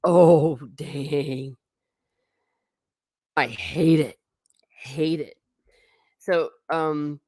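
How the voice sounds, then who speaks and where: A young adult woman talks casually to her viewers, rambling, laughing and chatting. Her voice sits fairly low for a woman. The sound is dry and close, with no room echo. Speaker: livestream host reading chat. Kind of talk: casual livestream chat.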